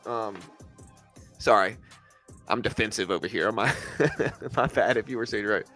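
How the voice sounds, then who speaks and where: A man's voice: lowish voice, a little slow, long pauses, pushed and bright, soft background music. A man hosting a casual livestream about the markets, talking straight back at viewers and often stumbling and restarting as he argues his point. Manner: repeats himself, stumbles and restarts. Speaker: livestream host. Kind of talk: casual livestream market commentary answering chat.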